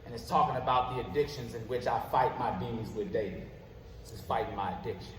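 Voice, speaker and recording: A man's voice: medium pitch, fast talker, a little hiss or hum. A man performing spoken word poetry live on stage, with a rhythmic, rhyming delivery. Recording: roomy live venue with long reverb.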